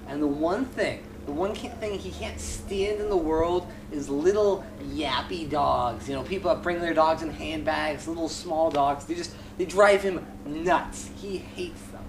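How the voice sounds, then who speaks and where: A man telling jokes in a rambling, halting way, full of "you know", recorded by a distant camera mic. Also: a little high. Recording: echoey, distant camera mic, noisy background.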